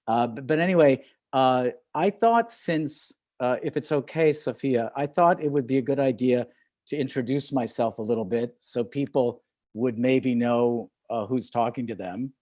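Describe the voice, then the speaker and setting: This older man, a film director appearing as a guest speaker, gives a relaxed talk to an audience by video call. He has a medium pitch, a measured pace and a darkish tone, and he hesitates, restarts, chuckles and uses many fillers.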